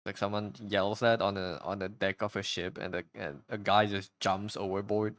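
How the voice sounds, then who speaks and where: A man's voice: fairly low pitch, flat delivery, normal speed, hardly any pauses, a bit bright, no echo, clean studio sound. A man chatting casually on a live stream while he draws, rambling and goofy, with hiccups.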